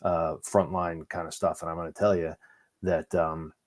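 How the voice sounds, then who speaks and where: Man guest on a podcast, lowish voice, earnest, some teasing. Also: flat delivery, moderate pace, a little mellow. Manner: earnest, many fillers and restarts, self-mocking jokes. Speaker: guest, organization leader. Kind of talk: casual podcast chat.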